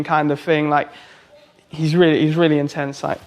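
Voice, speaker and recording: Rambling man, slightly high voice. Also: little pitch movement, normal speed. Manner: loose and rambling, full of "like" and restarts. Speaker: tattoo artist and singer. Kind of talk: casual anecdote storytelling.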